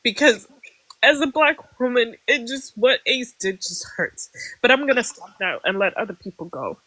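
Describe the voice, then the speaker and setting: A woman's voice: fairly high pitch, expressive, normal speed, pushed and bright, no echo, low-quality recording. A woman panelist speaking with passion and care on a live panel. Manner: impassioned, caring.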